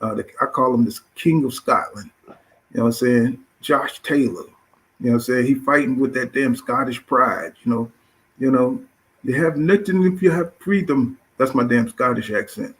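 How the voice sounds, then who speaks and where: A man's voice: mid-range voice, moderate pace, fairly bright tone, rough recording. A middle-aged man hosting a casual boxing talk show, profane and rambling, with constant fillers. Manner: profane, filler-heavy, says "you know what I'm saying" constantly.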